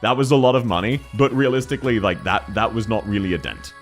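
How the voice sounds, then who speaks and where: Excitable male streamer, lively pitch. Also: faint music behind. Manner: excitable, laughs often; talks fast and loud when excited. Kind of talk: casual livestream chat.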